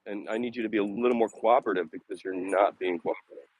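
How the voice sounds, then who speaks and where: Talking fast in a lowish, slightly rough voice, a vlogger streams live during a dog walk on an outdoor city walking path. He's casual and blunt, with sarcasm and frequent swearing throughout.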